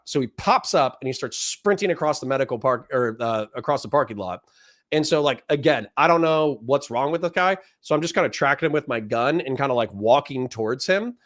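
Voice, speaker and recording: A young former cop who now hosts a podcast tells a story in a casual, animated way, sometimes shouting the lines he quotes. His voice sits at a medium pitch.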